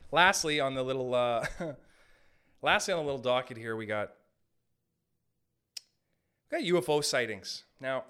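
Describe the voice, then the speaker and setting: A man's voice: medium pitch, animated, normal speed, long pauses, pushed and bright, clean tone. A man from Canada hosting a podcast, doing a hyped-up, jokey comedic rant. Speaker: podcast host.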